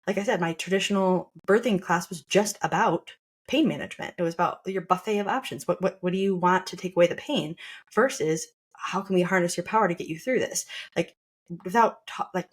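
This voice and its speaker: Low-voiced young woman, reflective podcast chat. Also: husky. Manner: reflective, with frequent restarts and laughter. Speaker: podcast co-host sharing her birth story. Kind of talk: casual conversational podcast.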